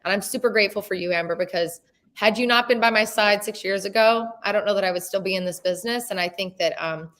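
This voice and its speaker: Woman, real estate host, casual chat, animated, emotional, swears casually. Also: mid-range voice, fast talker. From Las Vegas.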